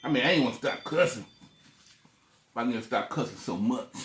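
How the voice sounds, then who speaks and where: A man's voice: mid-range voice, lively intonation, a little fast, a bit bright, echoey room, faint music behind. A man eating on camera in a casual vlog, talking loosely with lots of cussing and joking between bites. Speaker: food vlogger.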